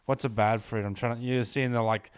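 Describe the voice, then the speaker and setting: A man in a casual chat, enthusiastic and quick to laugh. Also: medium pitch, steady tone, clean tone. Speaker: podcast co-host.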